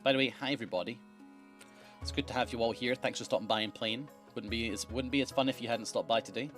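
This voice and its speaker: A man's voice: medium pitch, fast, a bit bright. A man chats playfully as he streams a game live, reading its text aloud and greeting viewers. His voice sits in an ordinary middle range. Faint music runs in the background. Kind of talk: casual live-stream commentary.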